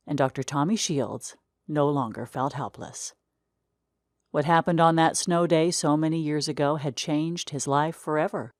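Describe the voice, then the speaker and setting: A woman with a low voice narrating a short story in a measured, even manner. The recording is close and dry, with no room sound. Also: dry recording. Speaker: reader.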